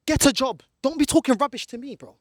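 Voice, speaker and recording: A fast-talking man with a very high voice comes through clean studio sound without any room sound. In a football fan vlog filmed in an outdoor car park, a friend holding the camera, he rants angrily and sometimes lapses into Portuguese.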